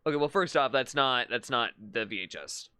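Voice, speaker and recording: A streamer chatting through a live session, the tone bright and up-front. The voice rises and falls with lively swings. The delivery is relaxed and unscripted, with frequent stammered restarts. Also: medium pitch, moderate pace, smooth, no echo, clean studio sound. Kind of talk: casual live-stream commentary.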